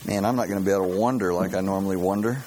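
A man's voice: deep voice, steady tone, very fast, a little mellow, slight background noise, rough recording. A man preaching a sermon as pastor, in a folksy storytelling way with many fillers and restarts.

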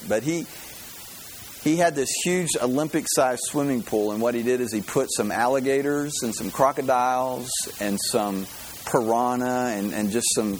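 A man's voice: medium pitch, slight background noise, poor audio. Folksy man preaching a sermon. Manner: folksy storytelling, halting with fillers and restarts. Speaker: pastor.

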